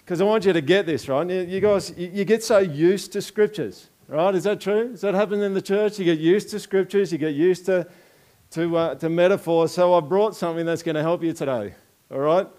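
Joking Australian pastor, slightly high voice. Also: male voice, fairly quick, darkish tone. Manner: joking, asks the congregation rhetorical questions. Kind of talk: conversational sermon with object lesson.

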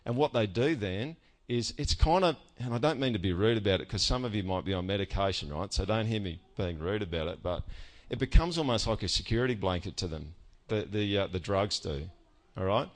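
A man's voice: fairly low pitch, fairly quick. A man preaching a sermon in a conversational way, often checking in with "all right?" and joking about himself. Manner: animated with self-mocking humor. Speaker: pastor.

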